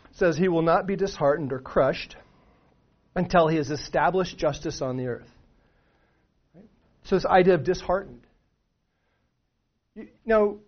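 A man's voice: a little high, slightly rough. Conversational middle-aged preacher man, lo-fi. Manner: conversational, with restarts and rhetorical questions. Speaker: pastor. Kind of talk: sermon. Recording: dull lo-fi sound.

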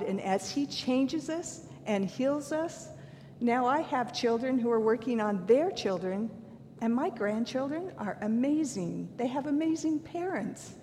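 An older woman giving a sermon, earnest and candid, mixing scripture with self-deprecating stories from her own life. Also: warm tone. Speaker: preacher. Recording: long hall reverb, faint rumble.

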